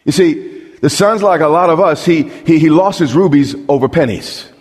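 A man's voice: on the high side, normal speed, a little mellow, breathy edge. A man preaching a sermon as pastor, emphatic, asking the crowd questions and repeating words as he builds a point. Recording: long hall reverb.

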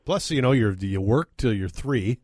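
Low-voiced playful radio co-host. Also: male voice, normal speed, no room sound, studio quality. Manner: playful, deadpan tall tales. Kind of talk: casual radio banter.

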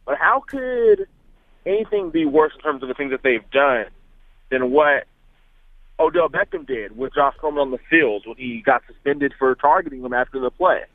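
A man's voice: medium pitch, animated, moderate pace, dry recording. A man calling into a sports radio show, earnestly arguing his point and often restarting his sentences. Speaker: caller. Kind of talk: call-in opinion. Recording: tinny phone line.

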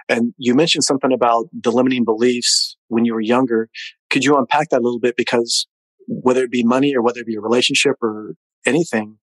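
A man hosts a podcast interview, talking quickly in a brisk, affirming way. His pitch is ordinary, and the recording is dry and close. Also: a bit bright, husky, dry recording, rough recording. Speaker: podcast host.

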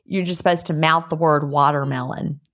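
A woman's voice: deep voice, fairly even intonation, a little fast, fairly bright tone. A middle-aged woman co-hosting a casual chat show, reading listener submissions and playfully repeating odd words. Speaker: podcast co-host.

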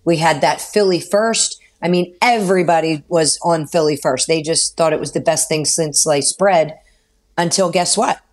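A woman co-hosting a talk radio show as a mortgage expert, explaining loans in a brisk, practical way. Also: low-pitched, a little mellow.

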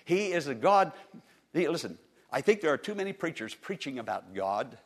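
A man's voice: fairly high pitch, sing-song, moderate pace. A man preaching a sermon to a congregation, with impassioned swings in volume and repeated words. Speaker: pastor. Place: church service.

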